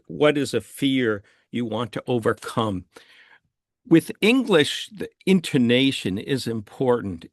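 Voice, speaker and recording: A man's voice: mid-range voice, no echo, studio quality. Hesitant man giving grammar feedback. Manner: hesitant, repeats words, gently corrective. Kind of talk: online meeting report. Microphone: computer mic on a video call.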